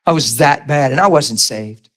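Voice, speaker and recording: A man in his thirties or forties preaching a personal testimony as a story, animated, laughing often and acting out the scenes. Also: mid-range voice, normal speed.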